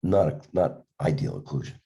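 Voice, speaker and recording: An older man, a dentist with a cough from a respiratory illness, telling stories in a podcast chat, acting out the voices in his anecdotes with halting restarts. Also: extremely low pitch, very animated, gravelly, warm tone. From Philadelphia area, USA. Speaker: dentist guest.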